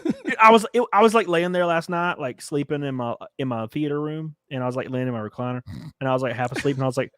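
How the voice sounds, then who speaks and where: A young man hosting a podcast, chatting casually, animated and quick, swearing and laughing as he tells stories. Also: on the high side, no room sound, studio quality. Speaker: podcast host. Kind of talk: casual chat.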